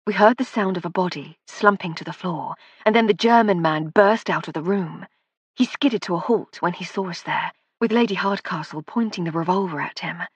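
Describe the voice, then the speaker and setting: A woman reading a first-person story aloud, in measured audiobook narration on a close studio mic. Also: lowish voice, husky, dry recording.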